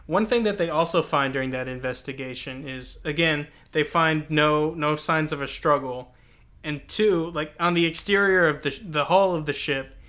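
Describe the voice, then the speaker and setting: A man's voice: on the high side, moderate pace, a bit bright. A man from Texas co-hosting a podcast, chatting casually about a book in a rambling way full of fillers. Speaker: podcast co-host.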